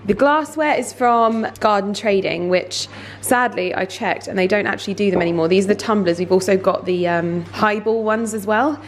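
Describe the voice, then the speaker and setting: A woman in her thirties talks through her home in a casual vlog, chatty and enthusiastic with plenty of fillers. Her voice sits at a medium pitch, with faint household sounds behind her. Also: moderate pace, hardly any pauses, a little hiss or hum. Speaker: lifestyle vlogger. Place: home, indoors and in a garden.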